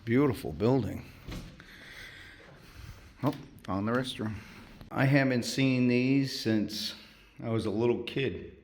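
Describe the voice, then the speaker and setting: A man's voice: mid-range voice, takes it slowly, long pauses, darkish tone. A man chatting casually as he walks a city tour for his travel vlog, thinking aloud. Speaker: travel vlogger. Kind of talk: casual walking tour narration. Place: city streets outdoors. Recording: outdoor street noise.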